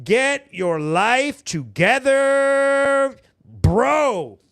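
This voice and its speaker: A man hosting a local news recap show, telling stories in a crude, animated way with loud shout-outs and frequent laughter. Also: very high-pitched, extremely slow. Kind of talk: casual profane storytelling.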